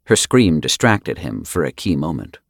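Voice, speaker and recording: A man reading a dark fantasy story aloud in a steady, grave storytelling manner. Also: rumbling low, moderate pace, creaky, no room sound, clean studio sound. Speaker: narrator. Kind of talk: dramatic audiobook narration.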